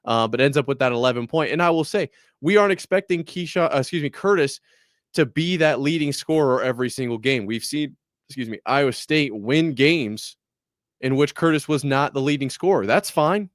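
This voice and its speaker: A man's voice: medium pitch, expressive, a little fast, dry recording. Male podcast host, casual and exasperated, dry mic. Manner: candid, exasperated, self-deprecating. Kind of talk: casual sports podcast talk.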